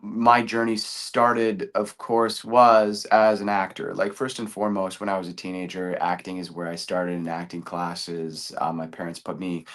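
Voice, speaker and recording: A man's voice: deep voice, level tone, moderate pace, few pauses, fairly bright tone. A man from Canada, a film director being interviewed, talking in an easygoing, friendly way and laughing readily. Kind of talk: casual interview chat.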